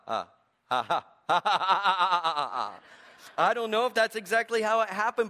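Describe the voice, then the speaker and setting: A male pastor preaching a sermon with animated, humorous storytelling. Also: fairly high pitch.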